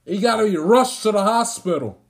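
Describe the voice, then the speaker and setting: Here a sports commentator rants angrily, his high-pitched voice lively in intonation and a little fast. Indignant and emphatic, he keeps repeating phrases to pound his points.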